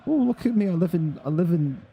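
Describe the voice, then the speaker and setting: Guy doing a snooty show-off voice, high and teasing, sneery. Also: lively intonation, fast talker, warm tone, breathy edge, some chatter behind, heavily acted, low-quality recording. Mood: mocking. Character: mocking posh expat man, smug show-off.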